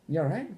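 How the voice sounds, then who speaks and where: A man hosting a podcast, ranting casually and profanely, with mock voices for the people he quotes. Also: dark tone. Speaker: podcast host. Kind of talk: casual chat.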